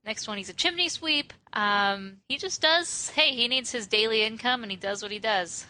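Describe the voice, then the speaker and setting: A woman's voice: a little high, moderate pace, pushed and bright. A woman co-hosting a casual film podcast, chatty and enthusiastic as she talks. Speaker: podcast co-host.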